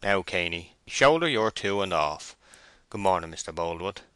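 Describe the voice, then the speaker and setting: A man reading the part of a steady, stern young shepherd in an audiobook, speaking firmly and plainly. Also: low voice, moderate pace, no room sound. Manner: firm, plain-spoken.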